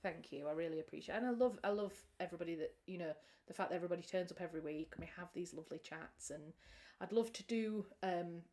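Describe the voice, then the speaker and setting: A woman's voice: lowish voice, quick pace, warm tone. A British woman, a writer hosting a livestream, chatting casually and rambling with frequent restarts.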